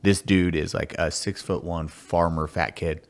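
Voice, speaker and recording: A man who served in the army tells basic training stories in a casual, crude and animated way. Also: sits low, measured pace, gravelly. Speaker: army veteran telling stories. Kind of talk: casual podcast storytelling.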